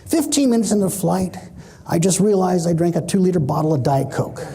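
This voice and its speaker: A middle-aged man giving a keynote speech on stage, an animated storyteller who acts out the voices he quotes. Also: high-pitched, fairly quick, creaky. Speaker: motivational speaker.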